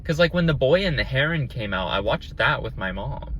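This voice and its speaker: A man's voice: mid-range voice, expressive, fairly quick, fairly bright tone, low-quality recording. A man hosting a solo podcast from inside a car, chatting casually and earnestly with lots of fillers and restarts. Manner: rambling, with many fillers and restarts; earnest and enthusiastic. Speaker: podcast host. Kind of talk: casual solo chat while driving. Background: faint road noise.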